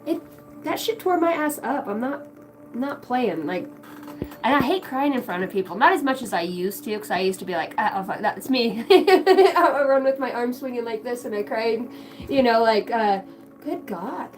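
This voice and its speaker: A woman's voice: on the high side, expressive, normal speed, faint music behind, rough recording. Profane, scattered woman host reading chat. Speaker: tarot livestream host. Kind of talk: casual livestream chat.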